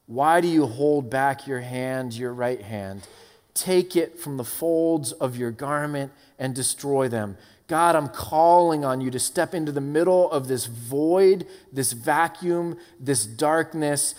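A man preaching a sermon, earnest, with passages that rise from hushed to fervent. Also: medium pitch. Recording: long hall reverb.

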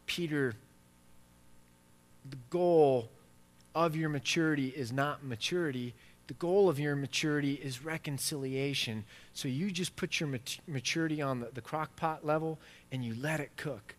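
A man preaching a sermon, swinging between quiet asides and loud, emphatic stretches. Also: a little high, normal speed. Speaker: pastor. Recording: long reverb of a large hall.

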